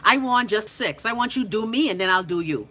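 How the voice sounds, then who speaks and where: Brash and profane, this young Bahamian woman runs a live call-in stream, reading viewer comments aloud and poking fun at people by name in loud, casual chat. She speaks a little fast in an expressive, mid-range voice with a bright, forceful tone.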